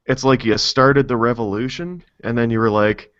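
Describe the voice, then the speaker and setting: A man's voice: mid-range voice, steady tone, normal speed, fairly bright tone, smooth. A man on a tech podcast, chatting casually and teasing his co-host. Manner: joking, teasing banter. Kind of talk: casual chat. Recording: dull, lo-fi podcast audio.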